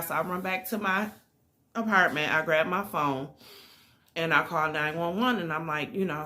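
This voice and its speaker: Lower-voiced woman telling a story with animation. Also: normal speed. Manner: animated, emphatic storytelling with fillers. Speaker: vlogger telling a personal story. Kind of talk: casual storytime.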